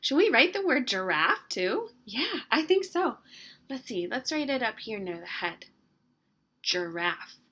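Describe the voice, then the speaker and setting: A woman teaching an early-grade writing lesson, slowly stretching out the sounds of words and coaxing answers with gentle questions. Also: sits high, very animated, slightly rough. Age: adult.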